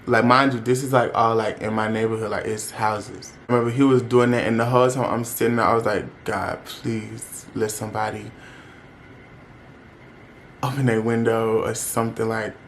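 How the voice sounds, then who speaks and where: A man's voice: fairly low pitch, flat delivery, moderate pace, a little hiss or hum. A young man telling a personal story in a casual, candid vlog. He talks to his viewers directly and uses plenty of slang. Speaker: vlogger.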